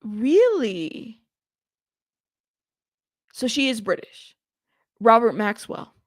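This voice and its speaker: Chatty woman live-streamer with gravelly fry. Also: on the high side, expressive, moderate pace, no echo, studio quality. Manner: chatty, reads viewer chat aloud and gives shout-outs; playful, teasing. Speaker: livestream host. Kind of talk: casual live-stream commentary.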